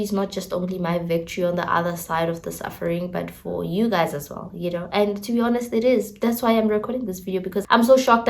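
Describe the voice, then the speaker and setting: Animated young woman. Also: mid-range voice. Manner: expressive, animated, slangy, acts out her own quotes. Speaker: vlogger. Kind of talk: casual faith testimony storytelling.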